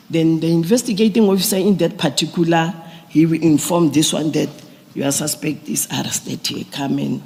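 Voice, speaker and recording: Gravelly police general testifying. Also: male voice, on the high side, darkish tone. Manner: deliberate, procedural, restarts phrases. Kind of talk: formal testimony at a hearing. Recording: long reverb of a large hearing room.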